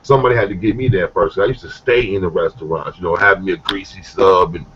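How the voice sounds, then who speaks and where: A man's voice: low-pitched, fast, a bit bright, a little hiss or hum. A man in casual chat, telling loose, profane stories and acting out what people said. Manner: loose, profane, storytelling with acted-out quotes. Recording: dull lo-fi recording.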